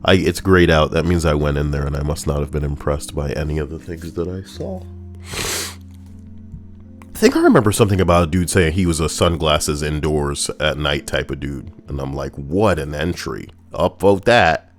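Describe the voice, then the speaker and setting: A man's voice: a bass voice, expressive, brisk, soft background music. A young man casually reading forum posts aloud and riffing on them, sarcastic and rambling with loose asides.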